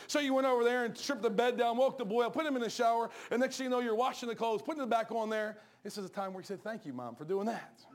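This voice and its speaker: A middle-aged man, preaching a joking, storytelling sermon that turns soft and low for serious points. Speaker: pastor.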